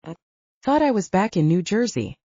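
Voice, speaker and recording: A woman's voice: mid-range voice, very animated, moderate pace, mellow, no echo, muffled recording. A woman voicing a tired young American man on a quest in an audiobook, speaking his lines in an easygoing, lifted voice.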